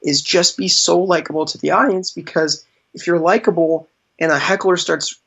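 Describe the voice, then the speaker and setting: In a casual podcast interview, a magician shares chatty stories with plenty of laughs and fillers. His fairly high voice is husky and fairly bright with vocal fry, a steady tone, and a moderate pace, all heard through a dull lo-fi recording.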